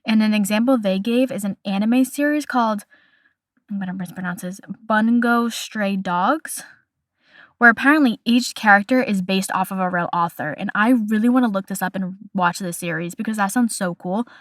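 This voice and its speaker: A woman's voice: medium pitch, brisk, no room sound, studio quality. A young woman hosting a casual podcast, chatty and opinionated, delivering playful hot takes. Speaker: podcast host.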